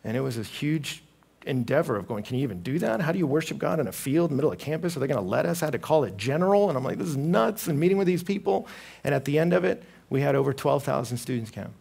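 Gravelly preacher telling stories. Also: male voice, quick pace. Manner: animated storytelling, acting out quoted voices with big pitch jumps. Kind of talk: sermon.

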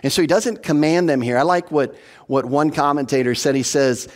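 A man's voice: a little high, a little fast. Pastor guy explaining verse by verse, earnest, repeats himself for emphasis, echoey church sound. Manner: earnest, teacherly, repeats words when stressing a point. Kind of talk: expository sermon. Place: church hall. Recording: long hall reverb.

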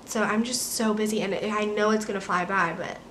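A woman's voice: medium pitch, steady tone, fairly quick, fairly bright tone, slight background noise. A young adult woman with an American accent, a college student chatting through a casual vlog update from her apartment in a bubbly, rambling way full of "like" and "um". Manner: bubbly, rambling, heavy use of "like" and "um". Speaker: vlogger, college student studying abroad.

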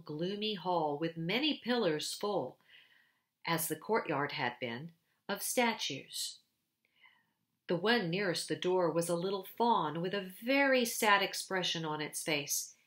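Gentle woman storybook reader, slow, bright tone. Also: on the low side. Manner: gentle, unhurried narration. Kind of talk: storybook read-aloud.

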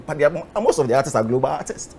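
A man's voice: on the high side, animated, very fast, vocal fry, a little mellow, slightly rough. A Ghanaian man in a heated argument, lecturing and listing his points. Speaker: music critic.

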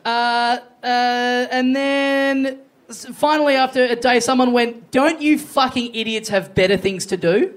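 A man's voice: extremely high pitch, a little slow. An Australian man co-hosting a live comedy podcast, reading out listener emails with swearing and laughing asides. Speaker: podcast co-host. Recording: live show with loud audience.

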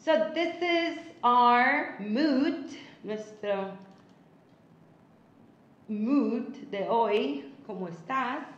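Slow, high-voiced teacher. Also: female voice. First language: Spanish. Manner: switches between English and Spanish, drills words for repetition; sleepy but encouraging. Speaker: English teacher. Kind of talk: online class for young children. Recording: roomy, dull lo-fi livestream audio.

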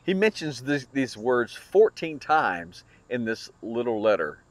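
A man's voice: medium pitch, very animated, a little slow. A man teaching a Bible study lesson in an earnest, explanatory way, with small restarts and fillers.

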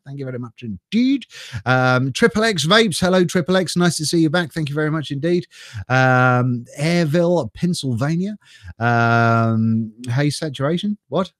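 A man with an English accent reads out live chat names in a loose, chatty way, laughing between greetings. His voice sits a little high for a man. The sound is close and dry, from a desk mic run through a mixer. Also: no room sound. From England. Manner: chatty, laughs often, greets viewers by name. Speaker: vlogger reading live chat. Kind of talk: casual live-stream chat.

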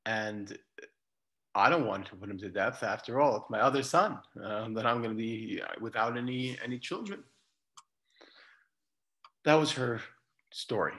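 A man's voice: mid-range voice, measured pace, pauses often, fairly bright tone, slightly rough. A man who is a rabbi, giving a conversational lecture that retells a bible story and quotes its figures. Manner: conversational, with restarts and quoted speech. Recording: dull lo-fi lecture recording.

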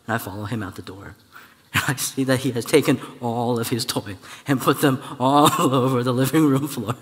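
Animated male preacher in a reverberant hall. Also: mid-range voice. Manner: animated storytelling, acts out voices, laughs at own story. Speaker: church elder preaching. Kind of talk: sermon with personal story. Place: church hall. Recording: church hall with long reverb.

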